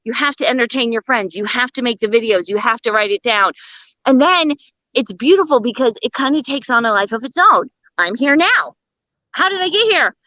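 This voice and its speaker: A woman stand-up comic telling bawdy stories as a guest in an interview, brash and animated. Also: on the high side, a little fast, no echo, lo-fi sound. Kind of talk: comedic storytelling in an interview.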